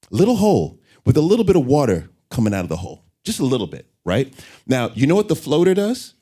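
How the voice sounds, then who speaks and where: A middle-aged man talking candidly as an interview guest, an animated storyteller. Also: fairly low pitch. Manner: animated storyteller, acts out voices in anecdotes.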